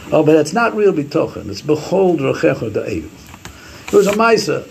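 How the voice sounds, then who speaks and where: A man teaches a Torah class with a raised, gravelly voice. His pitch swoops widely as he quotes Hebrew sources and acts out the sayings he explains. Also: very animated, normal speed, a little hiss or hum.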